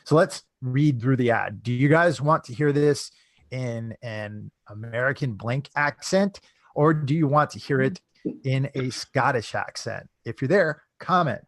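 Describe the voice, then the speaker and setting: A man's voice: mid-range voice, a little slow, no echo. Chatty man teaching a live webinar, dry sound. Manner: chatty, tags sentences with "right?". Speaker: webinar presenter.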